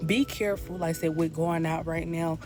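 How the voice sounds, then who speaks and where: A woman's voice: deep voice, steady tone, fairly quick, music in the background. A woman vlogging from her parked car in a loose, rambling way, with a habit of repeating "like I said.". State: out of breath. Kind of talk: casual talk to camera.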